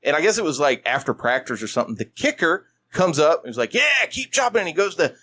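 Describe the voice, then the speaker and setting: A middle-aged man hosting a podcast, telling drawn-out, profane anecdotes in casual chat. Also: on the high side, lively intonation, fairly bright tone.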